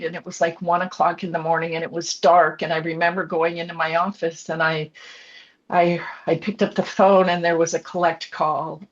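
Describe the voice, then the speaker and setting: A woman in her sixties with a slightly low voice tells her own life story with candor, reflective and earnest, in short phrases. The audio is dull and lo-fi, like a modest podcast recording. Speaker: author and coach, podcast guest. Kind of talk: candid personal storytelling.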